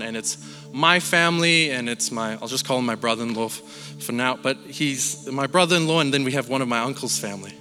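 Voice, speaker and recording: A man from Malaysia preaching a sermon, telling a family story with lively, animated delivery and acting out his shouting relatives. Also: medium pitch, long reverb tail.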